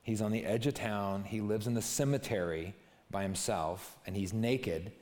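A man preaching a sermon, telling stories in a lively way and acting out short bits of dialogue. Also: fairly low pitch, moderate pace. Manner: animated storytelling, acting out voices and asides. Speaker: pastor. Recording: reverberant hall.

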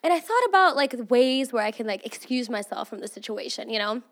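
A woman's voice: on the high side, lively intonation, fairly quick. A young woman hosting her own podcast, chatting casually with a stuffy, nasal voice from allergies, profane and playfully scolding her listeners. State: congested from allergies. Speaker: podcast host. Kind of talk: casual chat.

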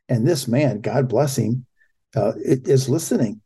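A man's voice: mid-range voice, unhurried, warm tone, breathy edge. A middle-aged man hosting a talk show, giving impassioned, emphatic political commentary.

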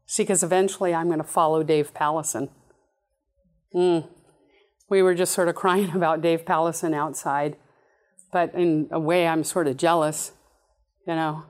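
A woman preaching a sermon in an animated, playful way, with sudden high exclamations. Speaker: speaker giving a talk.

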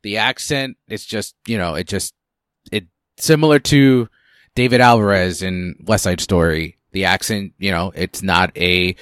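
A man with a very low, deep voice talks through film picks in an easygoing, meandering way. He often stops and restarts his sentences. The sound is dry and close, with no room echo. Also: unhurried, a bit bright, clean tone. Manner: chatty, hesitant with many restarts and fillers. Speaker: podcast co-host. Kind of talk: casual film discussion.

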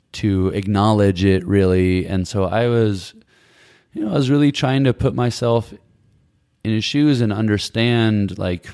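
A man in his forties, a guest recalling his Peace Corps service, tells his past in a meandering, reflective, conversational way with many restarts. His fairly low voice is a little mellow, clear and resonant, captured in clean studio sound with no echo.

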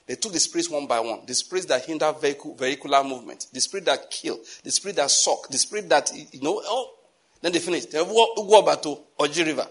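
Nigerian preacher, man, husky and slightly high voice, lively storytelling sermon with pidgin asides. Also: fast talker. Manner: animated, laughing asides, mixes in pidgin.

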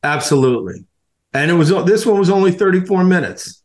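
A man's voice: high voice, very animated, brisk. Effusive man hosting a podcast. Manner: warm, effusive, laughs often, repeats words. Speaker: podcast host. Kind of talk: casual interview chat.

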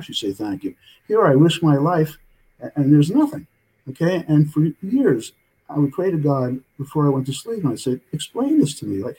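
Rambling older man, husky and mellow. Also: fairly high pitch, poor audio. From United States. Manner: rambling, tags many sentences with "okay?". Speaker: author, interview guest. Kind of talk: casual storytelling in an interview.

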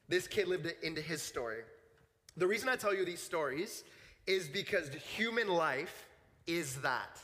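A man's voice: on the high side, lively intonation, normal speed, a bit bright. A man in his thirties, a young adults pastor, preaching casually and telling stories to a church group. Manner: casual, storytelling, acts out voices in quotes. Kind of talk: sermon with personal stories. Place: church hall. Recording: long hall reverb.

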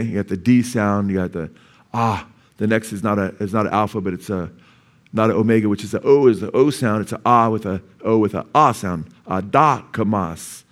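Man preaching, quizzing his congregation. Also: medium pitch. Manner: asks the congregation call-and-response questions; teaches word by word, sounding out terms slowly. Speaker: pastor. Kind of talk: sermon. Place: church before a live congregation.

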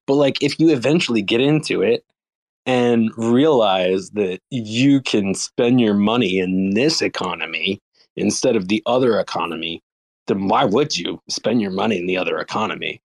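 A man's voice: on the low side, normal speed, vocal fry. A man chatting on a casual group call, rambling through his point with lots of "like" and "you know".

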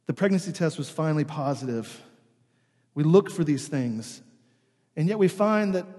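A man's voice: fairly high pitch, slightly rough. Man preaching in a reverberant church. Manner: conversational storytelling with animated imitations. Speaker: pastor. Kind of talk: sermon. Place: church sanctuary. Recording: long hall reverb.

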